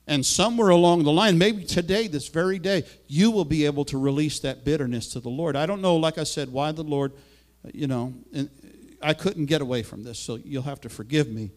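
Male preacher, fairly high voice, fervent and emphatic sermon style. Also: fairly quick. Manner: fervent, rising and falling emphasis, asks for slides.

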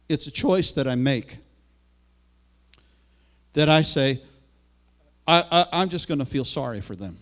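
Male preacher, fairly high voice, fervent and emphatic sermon style. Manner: fervent, rising and falling emphasis, asks for slides.

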